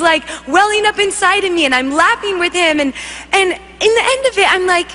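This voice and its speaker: Young woman, high bright voice, animated storyteller at a church stage mic, long hall reverb. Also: moderate pace. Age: young adult. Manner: animated storytelling, acts out voices, laughs often. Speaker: worship leader giving testimony. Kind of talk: testimony preached to a congregation.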